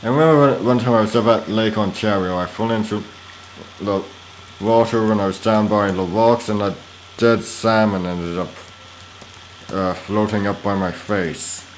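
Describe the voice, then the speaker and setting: A man rambling through casual gameplay commentary, chatty and wandering, with sudden loud playful yells during fights. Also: fairly low pitch, steady tone, moderate pace, a little hiss or hum, rough recording. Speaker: gaming video host.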